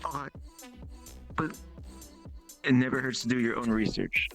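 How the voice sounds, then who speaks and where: A man in casual chat on a stream, easygoing and quick to laugh. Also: medium pitch, fairly bright tone, soft background music.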